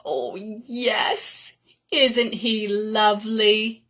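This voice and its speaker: A woman's voice: mid-range voice, fairly even intonation, drawn-out words, a bit bright. A woman voicing a cheerful, oblivious woman shopper in a read-aloud storybook, chirpy and unbothered. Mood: breezy.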